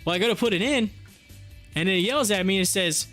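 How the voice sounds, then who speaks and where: Chatty high-voiced man rambling on stream. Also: animated, fast, fairly bright tone, soft background music. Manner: rambling, chatty storytelling with frequent fillers and laughs. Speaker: day-trading live stream host. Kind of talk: casual live-stream chat.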